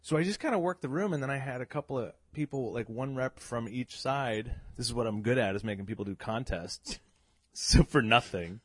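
A man telling stories in casual chat, animated and laughing, acting out the voices of people he quotes. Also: medium pitch, fairly quick, husky, no echo, clean studio sound. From New England. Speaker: guest, event emcee. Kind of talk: casual storytelling.

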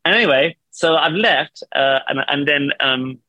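Casual man, rambling storyteller with a bright, slightly high voice; video call. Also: normal speed, dry recording, highs cut off. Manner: rambling storyteller, laughs often, swears. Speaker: band vocalist, guest.

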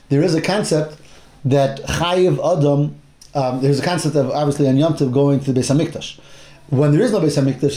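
A man's voice: fairly high pitch, dark tone. A man teaching a Torah class, retelling a Bible story with acted-out quotes and Hebrew terms. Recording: roomy echo.

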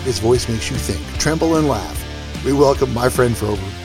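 A man's voice: medium pitch, expressive, moderate pace, rough recording. A man hosting an interview podcast, giving polished, announcer-style introductions and questions. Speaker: podcast host. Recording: faint music under the voice.

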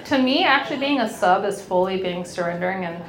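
A woman's voice: medium pitch, expressive, a little fast. A young woman hosting a podcast, chatting candidly and frankly, swearing freely and laughing often. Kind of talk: candid casual chat. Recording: roomy echo.

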